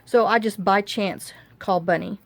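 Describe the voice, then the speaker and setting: A woman's voice: medium pitch, unhurried. A woman vlogger chatting and telling a long story while she crafts, frank and rambling, recorded on a phone camera. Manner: rambling, frank, repeats herself.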